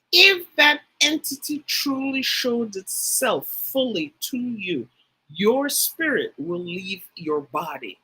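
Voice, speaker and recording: A woman's voice: fairly high pitch, big pitch swings, slow pace, bright, forceful tone, breathy edge, low-quality recording. A woman giving a livestreamed spiritual teaching talk. She speaks emphatically, repeats phrases for stress and speaks directly to her live chat viewers.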